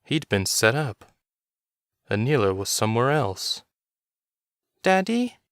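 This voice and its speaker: Man, low voice, smooth, steady story narration, dry recording. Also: measured pace, no room sound. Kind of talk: reading a story aloud.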